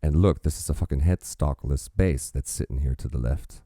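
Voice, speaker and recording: A man's voice: rumbling low, normal speed, warm tone, no room sound, studio quality. A man hosting a reaction video, swearing freely as he stops the music to quote lyrics and comment on them.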